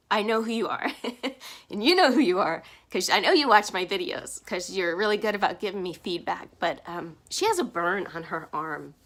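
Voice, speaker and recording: A woman's voice: lowish voice, fairly bright tone. A woman talking to camera in a personal vlog, earnest and heartfelt, speaking openly about her feelings. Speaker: vlogger.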